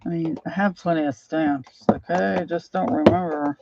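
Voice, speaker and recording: A woman's voice: lowish voice, steady tone, normal speed, gravelly, lo-fi sound, heavy background noise. A woman crafting and rambling to herself as she rummages, in casual chat.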